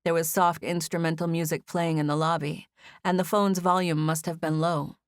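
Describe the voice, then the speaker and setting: A woman narrating a first-person novel as an audiobook. She reads in an even, measured storytelling manner, her voice sitting fairly low. The studio sound is dry and close-miked. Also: clean tone, no echo.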